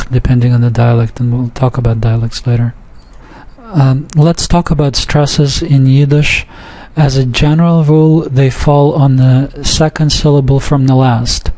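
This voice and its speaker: A man teaching a recorded language lesson, reading example words aloud and explaining the rules deliberately. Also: mid-range voice, little pitch movement, dark tone.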